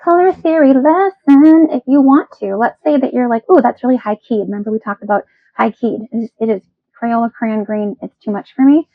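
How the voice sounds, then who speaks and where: A woman's voice: on the high side, fairly quick, no echo, narrow, tinny audio. Chatty playful woman painting teacher. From Wisconsin. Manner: chatty, playful, self-encouraging. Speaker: painting instructor. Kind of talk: step-by-step painting lesson.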